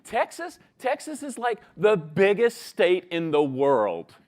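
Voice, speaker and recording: Eager, boastful young Texan boy, put on by a male speaker with a raised, lively pitch. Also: takes it slowly, heavily acted. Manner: breathless, eager bragging.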